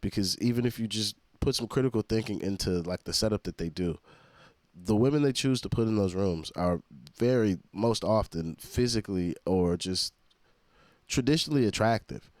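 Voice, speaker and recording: A man's voice: lowish voice, normal speed, a little mellow, dry recording. A man hosting a reaction video, commenting in a blunt, profane, exasperated way.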